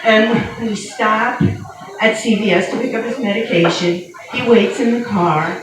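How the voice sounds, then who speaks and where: A woman in her fifties doing a stand-up comedy set, telling stories in a wry, deadpan way with pauses before the punchlines. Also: medium pitch, music in the background. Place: comedy venue. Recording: echoey room heard from far off, with noise.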